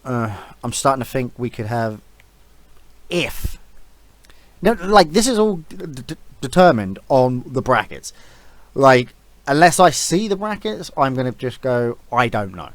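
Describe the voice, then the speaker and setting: A man's voice: medium pitch, sing-song, a little slow, no echo. A man giving a casual, rambling opinion rant as an esports vlogger, blunt and swearing freely.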